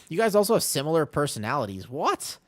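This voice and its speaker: A man's voice: on the high side, no room sound. A man streaming a game, chatting casually with his chat, joking and answering questions.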